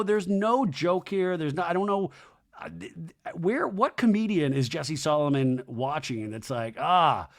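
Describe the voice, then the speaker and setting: A man hosting a podcast, recapping a reality show in a casual, sarcastic way and acting out the quotes in exaggerated voices. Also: a little high. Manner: profane and sarcastic.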